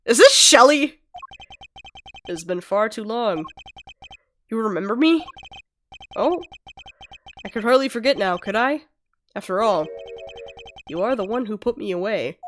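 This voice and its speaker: Woman as sinister blind male assassin, courtly, unhurried, low-key menace. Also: expressive, soft background music. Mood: smug. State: sick-sounding.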